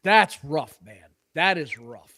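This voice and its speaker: A man's voice: fairly high pitch, expressive, slow, sharp tone, dry recording. A man co-hosting a podcast in casual chat, joking and profane, laughing often. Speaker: podcast co-host.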